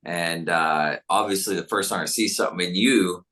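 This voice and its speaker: Man, podcast host, deep voice, bright and forceful tone, easygoing casual interview. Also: normal speed, a little hiss or hum. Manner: easygoing, laughs along.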